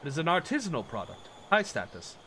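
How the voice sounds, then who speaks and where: A man reading the lines of a dry, literal male robot companion in a game, in short, clipped, deadpan sentences. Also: a little high, quick pace, slight background noise, heavily acted. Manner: clipped, matter-of-fact, deadpan.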